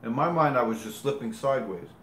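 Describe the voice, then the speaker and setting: A man's voice: mid-range voice, expressive, quick pace, fairly bright tone, slight background noise. A man telling a long personal story in casual talk, rambling and correcting himself as he goes, acting out movements. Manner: rambling, self-correcting, demonstrates with gestures. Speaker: interviewee. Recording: echoey room with faint ambience.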